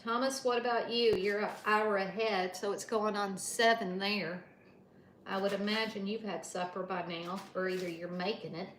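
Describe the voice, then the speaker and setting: An older woman with a drawl talks to her viewers by name as she cooks. Her voice sits at an ordinary pitch, and her talk is easy and motherly. A faint hum of her home kitchen is heard behind her. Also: fairly even intonation, normal speed. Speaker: livestream host. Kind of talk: casual cooking livestream chat.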